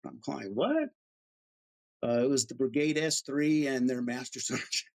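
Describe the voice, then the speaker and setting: Animated middle-aged male veteran storyteller. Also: mid-range voice, a little fast, vocal fry. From United States. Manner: animated storyteller, acts out quoted voices. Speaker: Army veteran guest. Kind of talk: casual storytelling interview.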